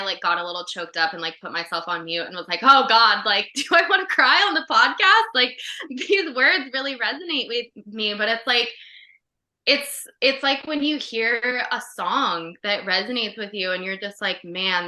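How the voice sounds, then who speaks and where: A woman co-hosts a podcast over a video call, chatting casually and warmly with plenty of fillers. Her mid-range voice has a sharp tone and a roomy sound.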